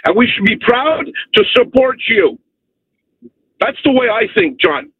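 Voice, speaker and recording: A man's voice: very high-pitched, lively intonation, measured pace, vocal fry, slight background noise. A Canadian man calling into a radio show, ranting bluntly and emphatically, heard over a phone line. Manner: emphatic, blunt, repeats okay. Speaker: caller. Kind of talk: call-in radio rant.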